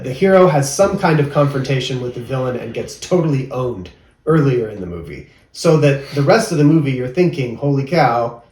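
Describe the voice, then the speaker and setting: A man's voice: medium pitch, darkish tone. A man co-hosting a casual movie review, chatty and rambling, often laughing. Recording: roomy, mic at a distance.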